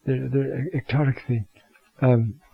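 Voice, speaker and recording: A man teaching a Bible talk, reflective and unhurried, reading scripture passages aloud with emphasis. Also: medium pitch, level tone, creaky. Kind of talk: scripture lecture. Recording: dull lo-fi sound.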